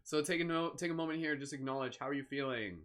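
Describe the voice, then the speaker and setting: A man leading a live guided meditation, speaking slowly and soothingly with gentle encouragement. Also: on the high side. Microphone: live stream microphone.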